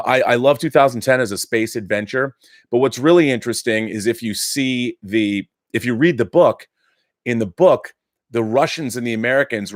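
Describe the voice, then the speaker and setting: A man's voice: mid-range voice, no echo, clean studio sound. A middle-aged man hosting a casual live stream, chatty and enthusiastic, restarting sentences often. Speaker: live show host reading viewer letters.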